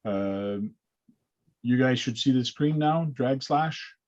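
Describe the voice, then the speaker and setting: A man's voice: mid-range voice, slow pace, a little mellow. A man hosting a casual hobby livestream, explaining things step by step with plenty of uh's over a video call. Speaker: host. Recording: lo-fi dull sound.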